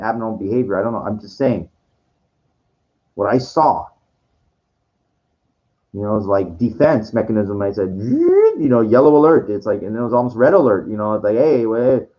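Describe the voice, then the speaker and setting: Rambling man with a dull, lo-fi sound. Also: on the low side. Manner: rambling, restarts, swears; quoting others in acted voices. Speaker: streamer. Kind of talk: rambling monologue.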